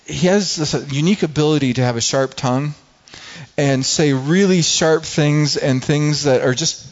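Earnest preaching pastor, man. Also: fairly high pitch. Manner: earnest, personal storytelling with many restarts. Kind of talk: sermon. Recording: slightly dull lo-fi recording.

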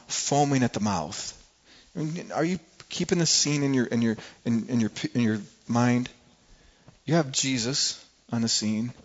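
A male pastor preaching a sermon in an earnest way, often repeating words as he searches for the next one. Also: mid-range voice. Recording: dull lo-fi recording.

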